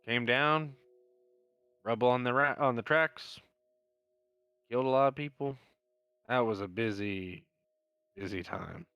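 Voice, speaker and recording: Man doing frail fifties coroner, folksy, wistful, raised pitch, trailing sentences. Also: a little slow, pauses often, sharp tone, clean tone, no room sound. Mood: somber. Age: 50s. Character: frail grieving old male coroner. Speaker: coroner character.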